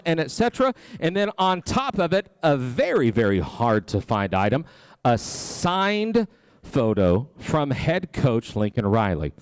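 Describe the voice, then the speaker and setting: Brief: male gala auctioneer with a fast singsong bid chant, smooth and slightly high, dry close mic. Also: no room sound. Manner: rapid rhythmic auction chant; playful crowd banter. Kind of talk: live charity auction calling. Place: banquet hall at a gala.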